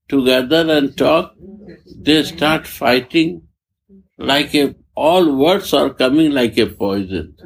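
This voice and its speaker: A man giving a spiritual discourse in halting, repetitive English, often restarting his phrases. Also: mid-range voice, gravelly, poor audio. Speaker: spiritual teacher.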